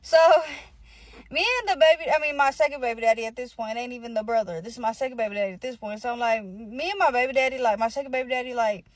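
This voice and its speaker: A woman's voice: fairly high pitch, quick pace, dry recording, rough recording. A young adult woman telling a casual storytime, rambling, slangy and profane, often calling out to her listeners.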